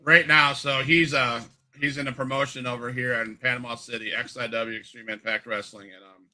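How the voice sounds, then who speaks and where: A man's voice: mid-range voice, steady tone, a little fast, pushed and bright. A man in a casual chat, talking in a conversational way with offhand asides.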